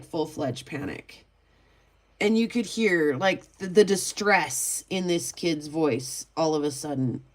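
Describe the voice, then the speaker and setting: A woman vlogger telling a story casually, rambling and chatty with lots of filler words. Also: medium pitch. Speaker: vlogger and rockhound.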